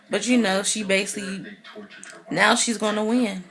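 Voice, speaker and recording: Chatty woman gushing through a tv episode recap, lots of you know, mid pitched voice. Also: normal speed. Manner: excitable and chatty, full of "you know" fillers. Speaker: TV recap vlogger.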